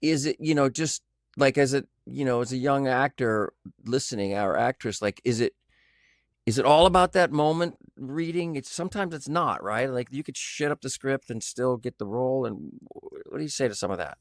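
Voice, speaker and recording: A man in his sixties, an actor, telling animated stories in an interview, acting out quoted voices and humming tunes. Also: mid-range voice, moderate pace, no echo, clean studio sound. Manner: animated anecdotes with sung sounds and quoted voices. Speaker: actor guest. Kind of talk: storytelling interview.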